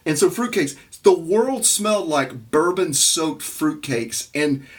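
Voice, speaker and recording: A man from Arkansas, telling family stories in casual chat, animated and full of restarts. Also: on the high side, slow, husky.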